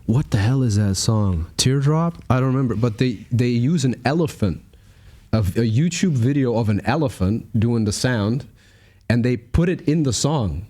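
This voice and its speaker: A man hosting a music reaction, chatting excitedly and rambling about songs. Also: medium pitch, normal speed. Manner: rambling, excitable, laughs and scats rhythms. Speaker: reaction channel host. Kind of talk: casual music reaction chat.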